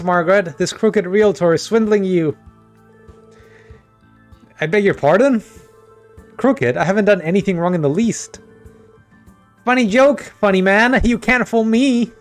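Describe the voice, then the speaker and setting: A blustering middle-aged police official, voiced by a man, bursts with shrill indignation, his voice pushed high and loud. He is a jealous husband who accuses and shouts in a video game scene. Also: expressive, brisk, soft background music. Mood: accusing.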